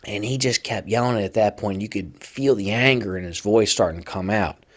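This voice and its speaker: Male host, slightly low voice, conversational first-person storytelling. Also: normal speed. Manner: casual, conversational, acts out quoted voices loudly. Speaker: podcast host telling prison stories.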